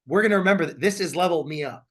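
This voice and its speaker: A man hosting a podcast in casual chat, talking in an energetic, rambling, jokey way. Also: high voice, racing. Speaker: podcast host.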